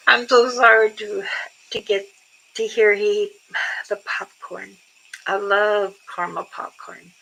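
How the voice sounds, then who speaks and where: A woman's voice: mid-range voice, vocal fry, sharp tone, slight background noise, low-quality recording. An older woman chatting casually with viewers on a livestream, telling rambling stories and laughing often. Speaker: livestream host.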